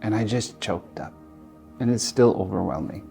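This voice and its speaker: Middle-aged man, fairly low voice, earnest, reflective, halting delivery, faint music behind. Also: creaky, warm tone. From Alberta, Canada. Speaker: interviewee, community leader. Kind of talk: personal storytelling interview.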